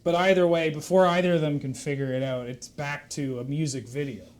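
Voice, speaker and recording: A man's voice: on the high side, brisk. Man telling a meandering shaggy-dog joke. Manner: meandering, deadpan, over-explaining.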